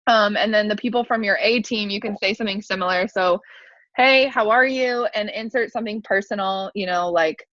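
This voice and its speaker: A woman's voice: mid-range voice, fairly even intonation, a little fast, few pauses, a bit bright, no echo, dull audio. Chatty young woman coaching with many "like"s. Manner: chatty, upbeat, full of "like" fillers. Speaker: team coach. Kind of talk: casual coaching talk.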